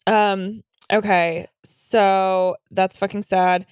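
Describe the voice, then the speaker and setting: A woman's voice: medium pitch, flat delivery, very slow, clean tone, no echo. A young adult woman co-hosting a comedy podcast, chatting casually in a rambling, profane way full of fillers. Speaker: podcast co-host.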